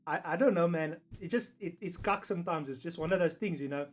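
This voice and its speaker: A man's voice: on the high side, fast, few pauses. A young man with a South African accent chatting casually on a livestream, rambling, laughing often and swearing freely. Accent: South African English. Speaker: streamer.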